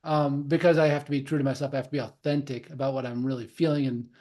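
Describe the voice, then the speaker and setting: A man's voice: mid-range voice, flat delivery, fast talker, mellow. A man hosting a podcast and coaching his guest, reflective and affirming as he explains ideas at length. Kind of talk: casual conversation.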